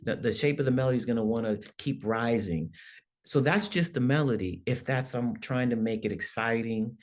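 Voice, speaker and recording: Man lecturing with lively demonstrations. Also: medium pitch, normal speed. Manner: animated, demonstrates with acted-out voices; conversational, checks in with "right?". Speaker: songwriting professor. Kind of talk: workshop lecture.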